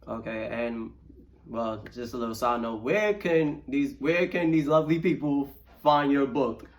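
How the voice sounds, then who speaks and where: Relaxed New York man hosting a show. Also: medium pitch, unhurried, muffled recording. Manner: relaxed, slangy, rambling. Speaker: podcast host. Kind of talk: casual interview chat.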